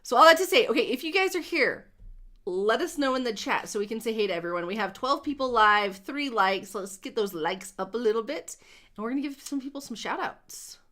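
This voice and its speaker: A woman's voice: a little high, lively intonation, brisk, pushed and bright. A woman co-hosting a casual gaming livestream, rambling and joking about herself with frequent giggles. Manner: giggly, rambling, self-deprecating.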